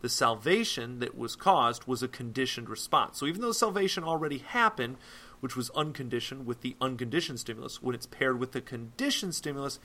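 A man explains a psychology topic in a relaxed classroom style. His voice is bright and forward. He talks loosely, with plenty of fillers and quick self-corrections. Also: mid-range voice. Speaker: psychology teacher. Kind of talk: casual explanatory lecture.

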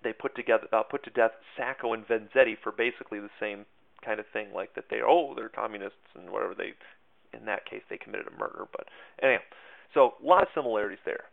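A man's voice: lowish voice, fast talker, creaky. A man hosting a history podcast as a teacher, talking casually with self-deprecating jokes and lots of fillers. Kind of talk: casual spoken history lesson. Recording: tinny phone-like audio.

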